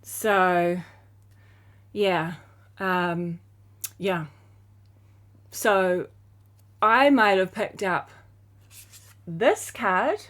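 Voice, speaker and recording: New Zealand woman, spiritual guide, unhurried and rambling, lots of "um"s. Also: medium pitch, fairly bright tone. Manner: rambling, dreamy, many fillers and trailing phrases. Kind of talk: casual spiritual vlog talk.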